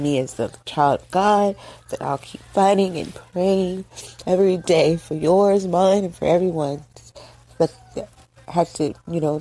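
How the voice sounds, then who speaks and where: A middle-aged woman from the United States, hosting a casual monologue, speaking emotionally and haltingly with many fillers and restarts, tearful. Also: on the low side, warm tone. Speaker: host. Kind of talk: casual monologue on current events.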